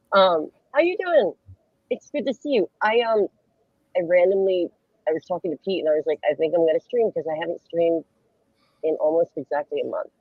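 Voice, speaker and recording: A woman hosts a casual video-call chat stream, laughing often and joking at her own expense. Her voice is husky and her pitch swings up and down. The audio is dull and lo-fi. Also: expressive, normal speed, long pauses, darkish tone, no echo. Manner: laughing often, self-deprecating. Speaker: host.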